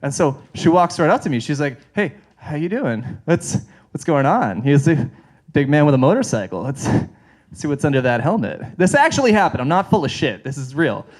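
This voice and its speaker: A man performs a stand-up set with a high, light voice. He rambles through self-deprecating stories full of fillers and keeps laughing at his own punchlines. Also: big pitch swings, fairly quick. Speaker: stand-up comic. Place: comedy show stage.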